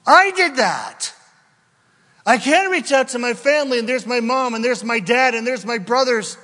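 A man's voice: extremely high pitch, animated, normal speed, bright, forceful tone, long reverb tail, voice pushed up, exaggerated voice. A man voicing a lonely, hunted young king. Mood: desperate. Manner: pleading, rising to a cry. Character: desperate hunted young king, alone and afraid.

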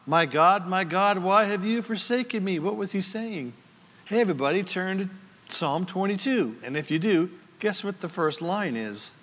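A man preaching an expository Bible teaching sermon, swinging from booming scripture reading to quiet asides. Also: lively intonation, moderate pace, in a large hall. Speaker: pastor.

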